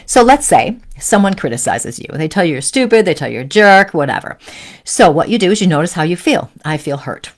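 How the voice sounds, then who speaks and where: A woman hosting a live spiritual teaching stream, speaking in a gentle coaching way and often checking in with "right?" and "okay?". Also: on the low side, lively intonation, brisk. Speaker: host.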